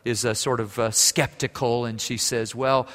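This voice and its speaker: A middle-aged man preaching a sermon as pastor, telling stories with lively humor and ending in prayer. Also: mid-range voice, normal speed, in a large hall. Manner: storytelling, lively, warm humor.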